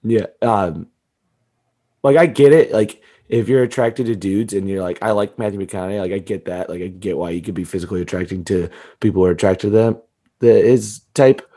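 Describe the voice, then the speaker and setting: A man with a deep, gravelly voice chats loosely on a comedy podcast. He swears constantly and riffs from one bit to the next. His delivery is crude and loose. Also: moderate pace, warm tone. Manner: crude, swearing, riffing with laughs. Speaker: podcast co-host. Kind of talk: casual comedy podcast chat.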